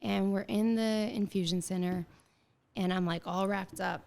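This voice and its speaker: A woman around thirty, a guest in an interview, telling her story in a lively way and acting out bits of dialogue, with many filler words. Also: medium pitch, normal speed, gravelly. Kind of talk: casual interview conversation.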